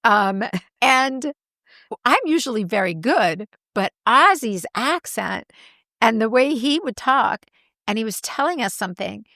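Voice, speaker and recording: A woman co-hosting a podcast in casual chat, an animated storyteller who laughs often. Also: a little high, unhurried, no room sound, clean studio sound. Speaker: podcast co-host.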